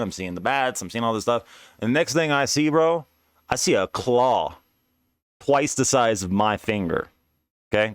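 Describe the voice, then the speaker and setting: Young man, casual storytelling, profane slang, animated, mid-range pitch, dry close sound. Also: no echo. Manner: profane, slangy and animated, with frequent restarts and asides. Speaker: streamer telling a personal story. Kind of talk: casual first-person storytelling.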